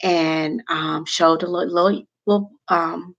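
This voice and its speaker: A woman's voice: on the low side, steady tone, measured pace, fairly bright tone, muffled recording. A woman vlogger chatting casually and emotionally to her viewers, rambling from one thing to the next.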